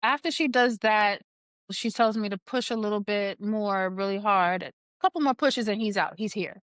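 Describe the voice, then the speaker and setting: A woman guest on a podcast, candidly telling a personal story in an animated way and laughing now and then. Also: medium pitch, moderate pace, dry recording, clean studio sound.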